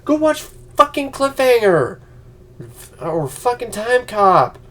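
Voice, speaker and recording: A man vlogging an angry, profane movie rant, yelling and mocking other people's voices. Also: extremely high pitch, big pitch swings, takes it slowly.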